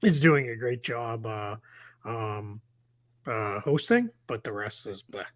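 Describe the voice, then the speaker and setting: A man's voice: fairly low pitch, slow pace, a bit bright. A man hosting a casual live stream, talking in a rambling way with many fillers and restarts. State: has the hiccups. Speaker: podcast host.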